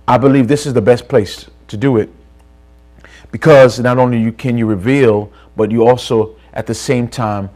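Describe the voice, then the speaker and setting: A man's voice: medium pitch, darkish tone. A man leading a church Bible study in an informal, conversational way, often restarting sentences and checking in with the group. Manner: conversational, repeats words and restarts, asks the room for agreement. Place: church hall.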